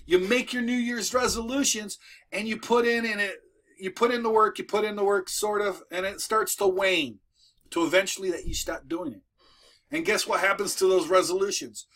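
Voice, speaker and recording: A man's voice: high-pitched, fairly bright tone. A man hosting a casual motivational video from home for moving business owners, talking in a folksy, repetitive way with many restarts. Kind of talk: casual motivational talk to camera. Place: at home with dogs nearby.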